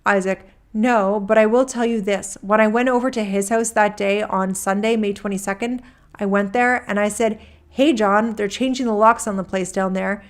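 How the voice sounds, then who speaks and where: The speaker is a woman with a clean, natural, mid-range voice and steady tone, reading at a moderate pace. She voices a rambling male deposition witness from a court transcript, his casual talk full of restarted sentences.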